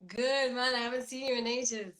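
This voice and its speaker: A woman rapper being interviewed over a video call, upbeat and chatty, quick to laugh, in her groggy morning voice. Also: a little high, steady tone, a bit bright, low-quality recording. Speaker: rapper guest.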